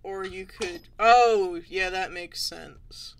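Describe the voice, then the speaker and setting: A young woman chatting casually with a friend on a gaming stream, answering with dry, quick quips. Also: mid-range voice. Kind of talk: casual chat while gaming.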